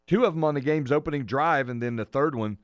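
A man's voice: medium pitch, fast, no room sound, studio quality. Emphatic sports radio host, a man. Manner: emphatic, repeats his points for effect; opinionated, argues his takes. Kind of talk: sports talk radio chat.

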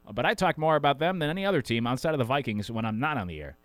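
A man's voice: mid-range voice, expressive, rapid-fire, no room sound. A man from Connecticut hosting a sports radio show, chatting casually in a rambling, self-deprecating way.

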